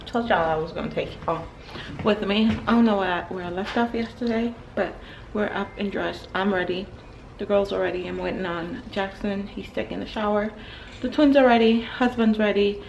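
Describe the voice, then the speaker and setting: A woman's voice: medium pitch, steady tone, normal speed, gravelly, a little mellow, a little hiss or hum. A young woman, a mother vlogging casually to camera in a chatty, scattered way and laughing often. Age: young adult. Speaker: vlogger, mom of five.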